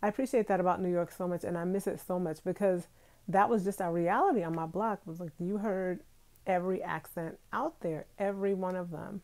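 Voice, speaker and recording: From her bedroom at home, a woman in her thirties hosts a casual live stream, chatting and laughing often as she talks straight to her viewers while allergies make her nose itch. Her voice runs low and darkish with fairly even intonation and a brisk pace.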